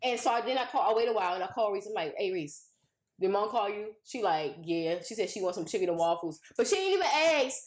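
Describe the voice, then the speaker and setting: A woman's voice: mid-range voice, quick pace, darkish tone. A woman co-hosting a casual podcast, chatting and telling family stories with quoted dialogue. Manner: conversational, tells family anecdotes, quotes her mother. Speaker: podcast co-host. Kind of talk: casual chat. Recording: roomy echo.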